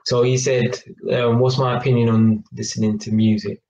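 A man giving a rambling, emphatic opinion monologue and tagging his points with quick questions. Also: mid-range voice, level tone, darkish tone, roomy sound, dull audio, a little hiss or hum. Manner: rambling and emphatic, tags lines with "yeah?" and "innit". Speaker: YouTuber.

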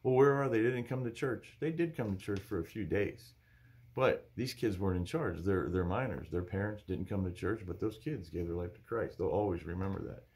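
A male pastor teaching from the Bible in an emphatic, animated preaching style. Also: low voice, normal speed.

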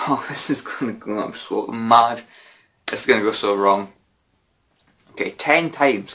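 A man chats through viewer questions in a relaxed, meandering way. His voice sits fairly low yet sounds bright and forceful, and he keeps padding his answers with "you know" and casual swearing. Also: normal speed. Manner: rambling, lots of "you know" and mild swearing. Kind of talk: casual Q&A chat.

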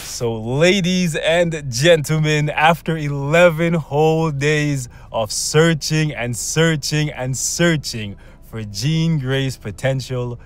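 Excitable man commenting on gameplay. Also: fairly high pitch, slow pace, clean tone. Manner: bursts into loud shouts and cheers when excited; coaxes the game with slang and pet names. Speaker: gaming channel host.

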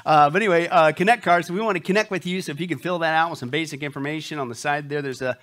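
A male pastor addressing his congregation in a fairly high voice, upbeat and full of jokes. He gives announcements and leads prayer, with a habit of saying "that's right". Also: racing, a bit bright. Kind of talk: church announcements and opening prayer. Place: church sanctuary before a live congregation.

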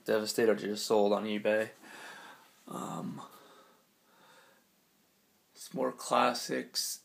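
A man with a scratchy, hoarse voice gives a laid-back, rambling tour of his collection at home, with many ums and casual swearing. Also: lowish voice, fairly even intonation, slow pace. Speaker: collector giving a room tour.

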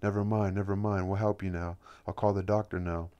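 A kind, soothing nurse calming a nervous patient, as a man reads her. It comes out low and fairly flat, with a slight lift on her questions. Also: brisk, smooth, lo-fi sound, close to an everyday voice. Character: kind middle-aged hospital nurse, soothing.

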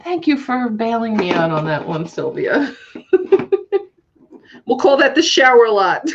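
A woman's voice: a little high, sing-song, takes it slowly, pauses often, muffled recording, slight background noise. A woman hosting a live auction stream, laughing through her words. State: laughing to tears. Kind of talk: live selling stream chat.

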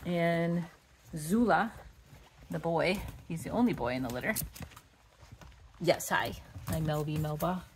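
A woman's voice: measured pace, pauses often, slight background noise. A woman dog breeder chatting casually on her vlog while showing her puppies in their indoor pen, cooing at them now and then. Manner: chatty, coos at the puppies in a high baby voice.

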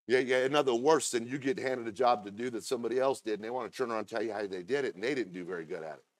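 A man preaching a sermon as pastor, talking conversationally with asides to the congregation and reading scripture slowly and deliberately. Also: medium pitch, no room sound.

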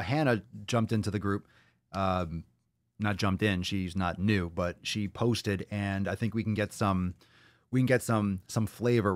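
Cursing joking podcast guy, lowish voice, dry close sound, rambles thru the chat. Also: no echo. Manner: profane, joking, rambling, reacting to comments. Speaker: podcast host. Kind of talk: live-stream podcast chat.

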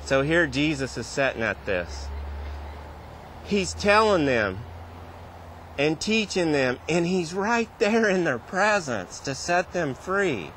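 A man's voice: on the high side, very animated, slow pace, fairly bright tone, slight background noise. A male pastor giving a sermon in a church, retelling scripture in a casual, conversational way.

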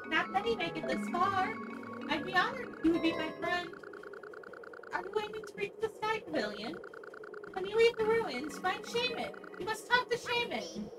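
Cast: a woman playing a formal guardian creature, very high and distant, under loud game music. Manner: formal, dutiful speech. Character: solemn ancient guardian Pokemon of ruins.

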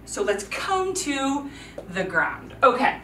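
A woman's voice: high-pitched, sing-song, slow, bright, forceful tone, a little hiss or hum. A woman teaching a yoga class for children, giving cheerful, encouraging instructions and counting out the moves. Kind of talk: guided kids yoga class. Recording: echoey room from a distance.

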